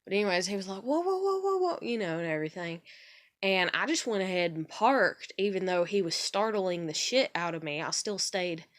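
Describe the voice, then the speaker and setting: Candid woman, low-pitched storytime. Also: fairly quick. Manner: candid, swears casually, acts out quotes. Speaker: vlogger. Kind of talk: rambling personal storytime.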